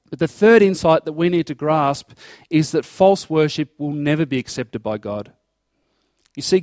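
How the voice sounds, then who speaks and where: A man's voice: a little high, a little mellow, no room sound, clean studio sound. A man preaching a sermon, explaining scripture verse by verse and acting out dialogue in an earnest tone. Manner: earnest expository preaching, acting out God's voice in quotes.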